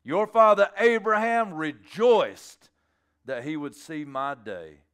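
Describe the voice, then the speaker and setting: Jesus, a preacher voicing a calm cutting teacher. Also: male voice, on the high side, smooth, exaggerated voice. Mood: solemn. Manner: slow, deliberate, pointed.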